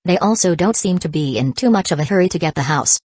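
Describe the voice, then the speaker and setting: A woman voicing a devoted young woman from a storybook, speaking calmly and earnestly. The tone is low, recorded close and dry. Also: quick pace, slightly rough, no room sound. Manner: calm, even delivery.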